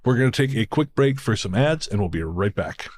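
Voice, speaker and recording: A man's voice: medium pitch, expressive, faint music behind. A man co-hosting a podcast in loose, casual chat. He rambles through his stories, restarts his sentences and pokes fun at himself, often breaking into laughter. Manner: rambling, self-deprecating, quick to laugh. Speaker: podcast co-host.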